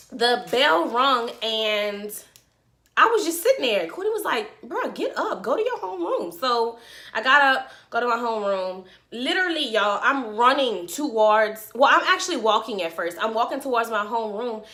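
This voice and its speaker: A young woman talks straight to her viewers in a casual storytime vlog. Her voice sits a little high and sounds bright and forward. She speaks in an animated, slangy way. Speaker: vlogger.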